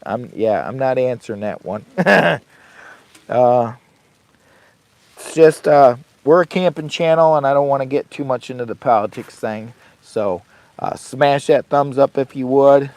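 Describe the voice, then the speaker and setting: An older Michigan man hosts a camping channel livestream from inside a heated tent, rambling folksily to the chat and to his dog. His mid-range voice is a little slow and darkish, recorded dry.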